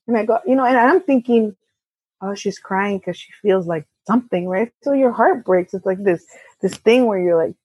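A woman co-owner of a repair shop telling a personal story as a podcast guest, candid and halting, often quoting others. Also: on the high side, a little mellow, husky, no echo, dull audio. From California. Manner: candid, halting with restarts, quotes others in dialogue. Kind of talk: conversational storytelling.

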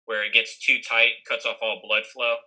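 A man's voice: lowish voice, flat delivery, normal speed, sharp tone, rough recording. A man casually telling a long story with lots of fillers and restarts. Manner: rambling, many fillers.

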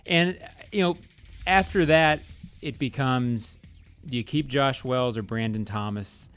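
A man co-hosting a sports talk show, breaking down roster questions in a measured, analytical way. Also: mid-range voice, fairly bright tone, clear, resonant tone, soft background music. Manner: measured, analytical, thinks aloud with fillers. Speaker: sports radio co-host.

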